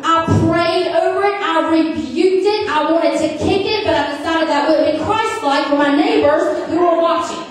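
A woman's voice: very high voice, moderate pace, few pauses. A middle-aged woman preaching a revival sermon, telling funny stories and calling for amens from the congregation. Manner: humorous, emphatic, asks the crowd for amens. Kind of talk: storytelling sermon with call and response. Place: large church sanctuary. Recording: very echoey hall, distant mic.

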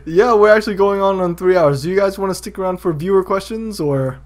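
A man's voice: high-pitched, brisk. A man hosting a casual gaming podcast, laughing often and bursting into exclamations. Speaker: podcast host.

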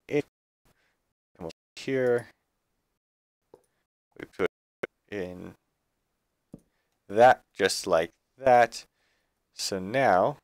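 A man's voice: sits low, smooth, no room sound, studio quality. A man streaming a building game live, thinking aloud in a chatty, self-correcting way. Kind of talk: live gameplay commentary.

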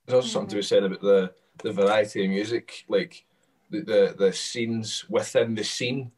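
A Scottish man chats casually as a musician guest and rambles through fillers and restarts. His voice sits low and sounds distant from the microphone, as on a video call. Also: fairly even intonation, moderate pace, darkish tone. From Scotland. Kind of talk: casual panel chat.

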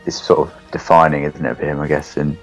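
A man's voice: a bass voice, flat delivery, quick pace, soft background music. A man co-hosting a film podcast in a laid-back, agreeable way, often chuckling as he talks. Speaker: podcast co-host. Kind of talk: casual film review chat.

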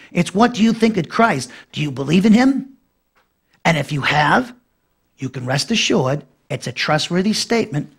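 A man preaching a verse-by-verse Bible lesson. His voice sits high, climbing further when he stresses a point and sinking low and soft as he wraps one up. He repeats key phrases for emphasis and asks questions of his listeners. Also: slightly rough. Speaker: pastor teaching a Bible class. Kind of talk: expository sermon.

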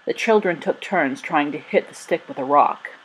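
Woman narrator, storybook reading, husky, lowish, expressive. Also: normal speed, low-quality recording.

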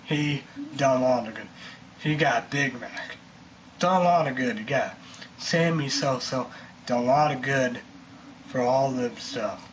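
A man's voice: medium pitch, a little slow, slight background noise. A man talking in a casual, rambling monologue, repeating himself and leaning on fillers. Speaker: vlogger ranting on camera.

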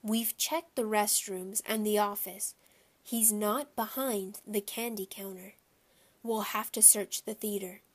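A woman's voice: medium pitch, steady tone, measured pace. A woman reading as a formal theater manager. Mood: businesslike. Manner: formal, announcing loudly.

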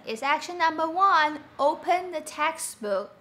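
Woman, language teacher, upbeat, patient explanations, high pitch. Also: animated, bright, forceful tone. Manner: upbeat, explains slowly with examples. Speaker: Mandarin teacher. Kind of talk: online language lesson.

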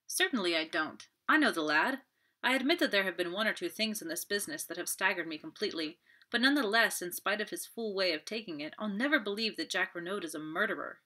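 Woman doing a gruff blunt male secretary. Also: medium pitch, animated, fast talker, bright, forceful tone. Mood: grave. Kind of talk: audiobook character voice.

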